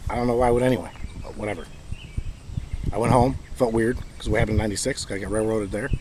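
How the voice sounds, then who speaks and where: A man's voice: on the low side, steady tone, fast. Michigan man, bitter personal monologue, emphatic, faint outdoor noise. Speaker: vlogger telling his own story.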